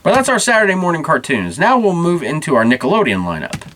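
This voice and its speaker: A man in his thirties talks through a relaxed nostalgia podcast on his own. He rambles and backtracks, fills gaps with little verbal fillers, and his voice swings up and down with lively pitch. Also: fast talker. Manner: chatty, rambling, with many fillers. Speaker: podcast host. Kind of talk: casual nostalgic monologue.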